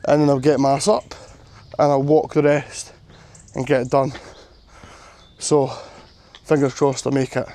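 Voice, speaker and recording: A man's voice: medium pitch, level tone, a little slow, pauses often, mellow, a little hiss or hum. A man vlogging outdoors on a long walk, sore and worn out, chatty, self-mocking and swearing freely. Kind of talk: walking vlog to camera. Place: outdoors on a coastal path.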